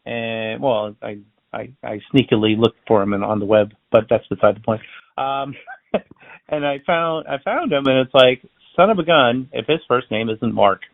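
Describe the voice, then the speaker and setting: Brief: friendly storyteller man, gravelly voice, dry close sound. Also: medium pitch, moderate pace, no echo. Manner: chatty, animated storyteller acting out dialogue. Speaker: balloon artist and magician. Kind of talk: casual interview storytelling. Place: based in Florida. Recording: tinny phone-line sound.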